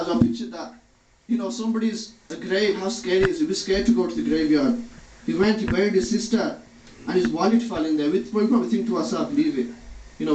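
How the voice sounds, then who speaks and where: A man's voice: high-pitched, dark tone. A man giving a religious talk, telling stories and retelling others' words as quotes. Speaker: preacher. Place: hall or home gathering. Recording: dull, roomy, distant sound.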